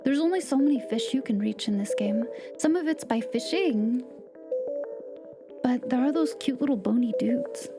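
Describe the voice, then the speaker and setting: A woman streaming a game live, chatting playfully with viewers and slipping into soft whispered asides. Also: on the high side, normal speed. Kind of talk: casual live-stream chat. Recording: game music playing behind the voice.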